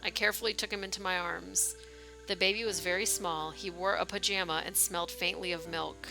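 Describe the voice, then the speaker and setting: With music playing in the background, a woman reads game story text aloud on stream, briskly and with fairly even intonation. Her lowish voice is gravelly, and she tweaks it a little for dialogue while tossing in casual live reactions.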